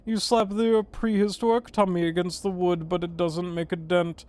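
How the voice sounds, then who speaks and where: A man's voice: high-pitched, flat delivery, normal speed, hardly any pauses, a little mellow, clear, resonant tone. A man live-streaming a video game, reading its text aloud with playful, goofy commentary. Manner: playful and goofy, laughs and swears.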